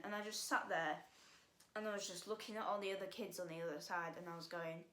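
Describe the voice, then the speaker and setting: A woman's voice: fairly low pitch, fairly even intonation, quick pace, a bit bright. A teenage girl vlogging in a casual, rambling way, full of fillers, restarts and sighs. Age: teens. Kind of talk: casual storytelling vlog. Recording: roomy echo.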